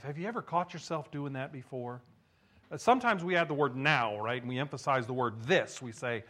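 A man's voice: on the high side, lively intonation, normal speed, fairly bright tone. A man preaching a sermon, reading scripture with emphasis and then talking to the congregation in a conversational way, often repeating words as he goes. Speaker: pastor.

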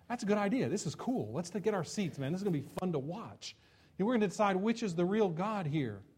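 Male preacher, higher register, dramatic storyteller who voices the crowd and taunts. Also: expressive, a little fast, a little mellow, slight background noise. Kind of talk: sermon.

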